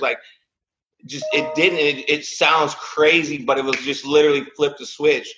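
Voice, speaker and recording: A man's voice: a little high, steady tone, moderate pace, muffled recording, background noise. A man in his thirties, a podcast guest, telling a personal story in a casual, emotional way, with "man" and "like" in almost every line. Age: 30s.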